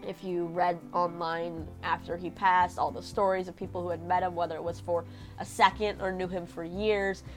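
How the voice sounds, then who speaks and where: A woman's voice: lowish voice, little pitch movement, moderate pace, faint music behind. A woman hosting a casual TV episode recap, chatty and emotional, with many fillers and restarts. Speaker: show recap host.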